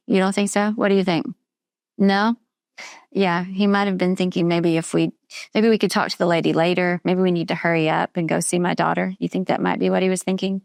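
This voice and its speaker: A woman teaching children a Bible story, asking them questions and slowing down on key words. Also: mid-range voice, vocal fry, a little mellow, no room sound. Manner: patient, questioning, slows down for emphasis.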